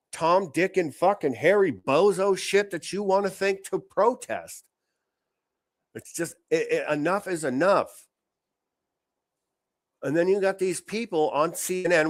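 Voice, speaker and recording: A man hosting a reaction show, ranting angrily with heavy profanity and mocking asides. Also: fairly high pitch. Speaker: show host.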